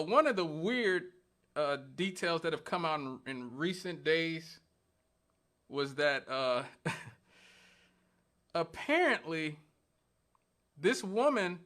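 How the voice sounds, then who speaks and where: A man's voice: high-pitched, a bit bright. A male radio talk show host giving an emphatic, argumentative monologue, repeating points for stress. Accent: Northwest Indiana.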